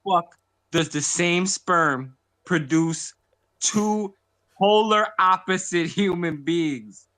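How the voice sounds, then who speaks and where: A man chatting on a live stream in a slow, unhurried way. His voice is bright and a bit high, and he swears and laughs often. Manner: laughs often, profane reactions. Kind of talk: casual chat.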